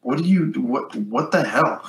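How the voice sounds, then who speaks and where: A man's voice: mid-range voice, expressive, a little slow. A man in casual chat who laughs often and reacts briefly. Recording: roomy, faint noise.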